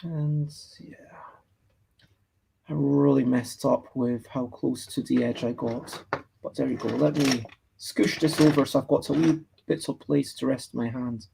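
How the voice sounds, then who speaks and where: A man's voice: medium pitch, steady tone, unhurried, vocal fry, background noise. A Scottish man drawing on a livestream, chatting casually and thinking aloud as he reads and answers comments from the chat. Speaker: livestreaming artist.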